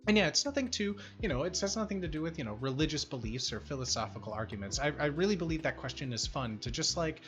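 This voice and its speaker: A young man with a fairly high voice talks loosely and excitably, piling up filler words as he chats with a guest. Faint music plays softly under his voice. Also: fast, few pauses. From Chicago. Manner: rambling, filler-heavy, excitable. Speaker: stream host interviewing a guest. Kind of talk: casual chat.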